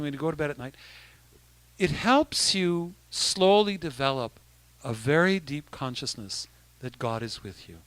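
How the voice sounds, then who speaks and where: A man's voice: fairly high pitch, a bit bright, clean tone, no echo. A man, a bishop, giving an informal talk to young people, conversational with frequent restarts. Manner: conversational, with many restarts and asides.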